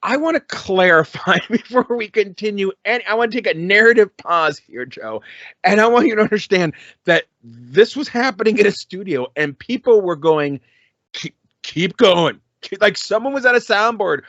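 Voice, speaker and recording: A middle-aged man co-hosts a comedy album review podcast with a fairly high voice. He swears freely and laughs his way through animated stories. The recording is dry and a bit dull. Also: moderate pace, no room sound. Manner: animated, profane, laughing storyteller. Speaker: podcast co-host.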